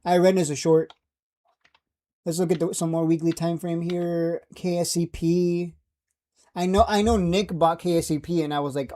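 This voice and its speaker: A man's voice: fairly high pitch, steady tone, normal speed, dark tone. Brash, joking stock market streamer man. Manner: brash, joking, laughs at own jabs. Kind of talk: casual market commentary.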